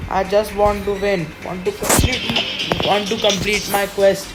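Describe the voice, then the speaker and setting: A woman's voice: mid-range voice, steady tone, measured pace, over music, rough recording. A woman commentating her own gameplay, frustrated and complaining as she plays. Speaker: gaming commentator.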